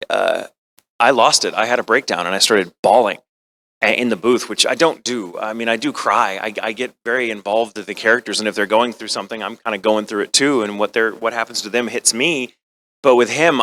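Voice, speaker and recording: A man's voice: on the low side, pushed and bright. A man who works as a voice actor and scriptwriter, answering a question at a convention panel in an earnest, emotionally open storytelling way.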